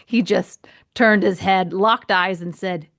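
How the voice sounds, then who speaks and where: A woman hosting a podcast, telling a personal story in a casual, animated way and acting out the voices in it. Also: mid-range voice, takes it slowly, creaky. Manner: animated, acts out quoted voices, laughs often. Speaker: podcast host.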